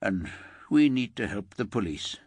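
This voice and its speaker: A man's voice: lowish voice, big pitch swings, measured pace, darkish tone, no echo. A man playing a frail older father stricken with grief, in a thriller audiobook. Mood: grieving. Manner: angry then breaking.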